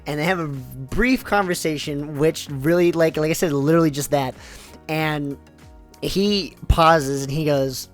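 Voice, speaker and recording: A man's voice: fairly high pitch, measured pace, faint music behind. A man giving a loose, rambling spoken summary of a story, full of fillers and swearing. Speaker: YouTuber summarizing light novels.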